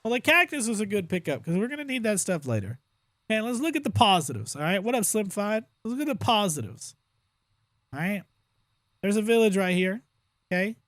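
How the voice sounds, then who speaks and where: A man's voice: high-pitched, a little fast, no room sound, studio quality. Chatty man griping over gameplay. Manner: chatty, exaggerated complaining and excited exclamations. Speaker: gaming streamer. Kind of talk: casual gameplay commentary.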